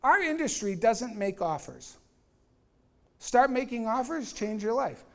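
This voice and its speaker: A man giving an energetic, blunt real estate training talk, acting out dialogues and quizzing his audience. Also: very high-pitched, a little slow. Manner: energetic, acts out dialogues, asks audience questions. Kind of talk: live training talk to agents.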